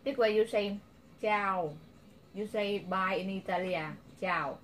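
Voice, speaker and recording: A woman's voice: mid-range voice, normal speed, a little hiss or hum. A woman with a Vietnamese accent who talks in broken English mixed with Vietnamese and teases playfully, chatting over a meal at home. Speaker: vlogger. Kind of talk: casual mealtime chat.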